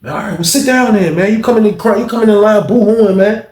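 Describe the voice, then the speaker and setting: Guy putting on a high loud prison guard, barking at an inmate, echoey room. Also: quick pace, lightly acted. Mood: scolding. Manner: barking, scolding questions. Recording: roomy echo.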